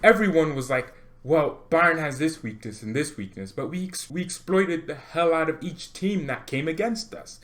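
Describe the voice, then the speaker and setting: A man hosting a football fan channel, ranting excitedly to camera with jokes, laughs and repeated words for emphasis. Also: a little high, normal speed. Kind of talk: animated fan rant to camera.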